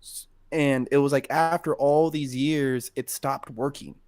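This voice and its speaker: A man's voice: medium pitch, steady tone, unhurried, a little mellow, no echo, studio quality. A man co-hosting a podcast, telling a personal story in casual, emotional talk with plenty of swearing. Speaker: podcast co-host. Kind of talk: casual chat.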